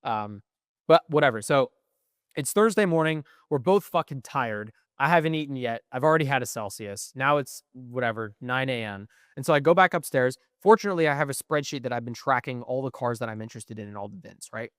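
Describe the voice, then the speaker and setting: A young man co-hosting a podcast, telling a story in casual, profane, animated chat. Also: medium pitch, fairly quick, smooth, no room sound, clean studio sound. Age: young adult. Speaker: podcast co-host.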